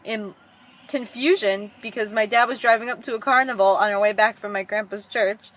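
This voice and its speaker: A woman's voice: medium pitch, fairly even intonation, moderate pace, fairly bright tone. A teenage girl chatting casually in her own vlog, giggly and dramatic, filmed on a handheld phone. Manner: giggly, dramatic, talks in bursts. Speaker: vlogger.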